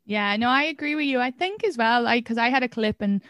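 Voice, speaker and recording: A woman with an Irish accent hosting a podcast, chatty and quick, filling her talk with "like" and "kinda". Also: a little high, animated, a bit bright, no room sound, studio quality. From Ireland. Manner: chatty and fast, full of "like" and "kinda". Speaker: podcast host and comedian. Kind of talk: casual podcast chat.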